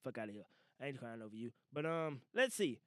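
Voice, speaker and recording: A young man hosting a casual solo podcast, talking loosely with profane slang and animated asides. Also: mid-range voice, quick pace, dry recording, clean studio sound. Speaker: podcast host. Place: small recording room. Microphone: studio mic.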